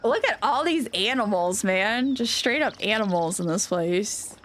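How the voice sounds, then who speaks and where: A woman game streamer chatting casually on a live stream, gushing and excitable, rambling with lots of restarts. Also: medium pitch, unhurried.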